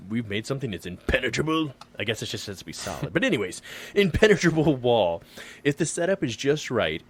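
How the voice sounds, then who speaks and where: A man co-hosting a casual podcast, reading an article aloud over a remote call, joking and tripping over words. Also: mid-range voice. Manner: joking, self-deprecating, stumbles over words. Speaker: podcast co-host.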